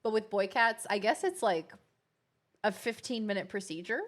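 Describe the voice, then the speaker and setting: A woman's voice: medium pitch, normal speed. A woman, chatting casually with viewers while streaming a game. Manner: chatty, rambling, playful with pets. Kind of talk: casual live-stream chat.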